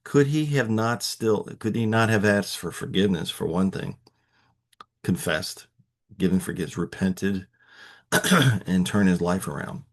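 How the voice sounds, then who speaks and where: A man with a Texan accent leads a casual Bible study, reading verses and musing over them conversationally. His voice sits low and steady, measured in pace with long pauses, and full of fillers and restarts.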